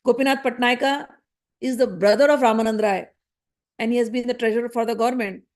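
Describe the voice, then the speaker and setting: A woman's voice: on the high side, fairly even intonation, quick pace, darkish tone. A woman retelling a scripture story in her own words, often correcting herself and acting out the characters' quoted speech. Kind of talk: unscripted spoken storytelling.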